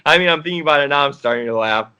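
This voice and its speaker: A man's voice: on the high side, very fast, pushed and bright, clean tone. A man, an actor guest, chatting casually in an interview, rambling with restarts and frequent laughs.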